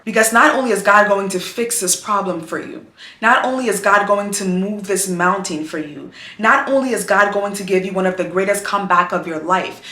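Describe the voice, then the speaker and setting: A woman with a sharp-toned, mid-range voice speaks to her viewers on camera about faith, her words emotional and encouraging and delivered in a repetitive, sermon-like cadence. She refers to viewers as "girl," and the recording has a roomy sound.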